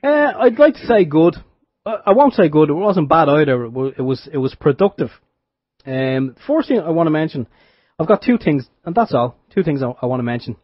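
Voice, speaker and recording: A man's voice: fairly high pitch, big pitch swings, brisk, breathy edge, no echo. Wry Irish man telling a story. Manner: wry, anecdotal, with frequent restarts. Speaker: radio show co-host. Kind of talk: casual storytelling chat. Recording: dull dry radio sound.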